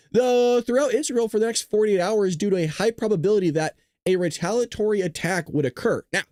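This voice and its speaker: A man's voice: sits high, fairly quick, mellow, dry recording, clean studio sound. A tired man hosting a casual news commentary livestream, rambling, cursing freely and giggling often. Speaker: show host.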